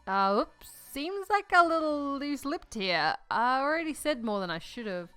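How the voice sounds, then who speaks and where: A woman's voice: high voice, very animated, normal speed, a bit bright, no room sound, soft background music, voice pushed up. A woman voicing a polite elderly male caretaker who builds robots, her put-on accent drifting as she reads. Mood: formal. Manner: accent keeps shifting.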